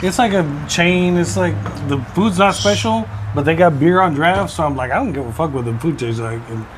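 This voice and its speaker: A man's voice: a little high, a little fast, slight background noise. A man co-hosting a podcast, chatting in an easygoing way, swearing casually and laughing at his own stories. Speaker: podcast co-host. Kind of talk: casual chat.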